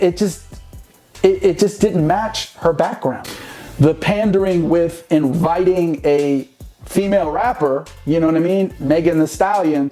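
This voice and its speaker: A man's voice: on the high side, warm tone. A man hosting a casual dating advice monologue, who keeps checking in with "you know what I mean?".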